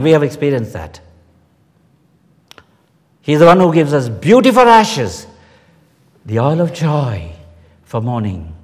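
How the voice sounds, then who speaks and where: Impassioned preacher in his seventies, echoing hall. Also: mid-range voice. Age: 70s. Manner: impassioned, swinging from loud proclamations to hushed tender lines. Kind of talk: sermon. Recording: long reverb of a large hall.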